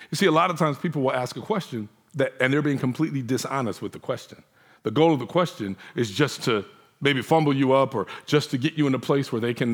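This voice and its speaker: A man's voice: mid-range voice, breathy edge. A man preaching a sermon in a conversational way, acting out the voices of the people he quotes. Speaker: pastor.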